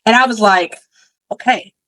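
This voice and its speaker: A young woman in casual conversation, full of fillers and quick restarts as she reflects openly. Her voice sits in a middle register and comes across dry and close, with no room sound around it. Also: medium pitch, a bit bright, no echo, rough recording. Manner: chatty, many fillers and restarts; candid and reflective. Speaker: podcast host. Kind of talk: casual storytelling.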